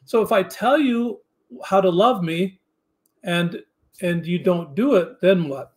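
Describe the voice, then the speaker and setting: Earnest, halting male guest, higher voice. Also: a little mellow. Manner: earnest, halting with restarts and fillers. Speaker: podcast guest. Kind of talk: casual interview chat.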